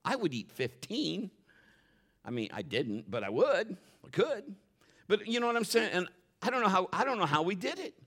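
A middle-aged man preaching from the pulpit with a somewhat high voice. He tells a story with emphasis, at times loud and exclaiming, at times dropping low and hushed. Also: very animated, moderate pace, breathy edge. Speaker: pastor. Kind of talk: sermon storytelling.

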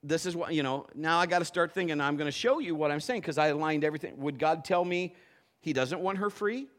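A male pastor preaching a sermon at a church service, telling a personal story in an animated way and acting out the voices of the people in it. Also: fairly high pitch, fairly quick.

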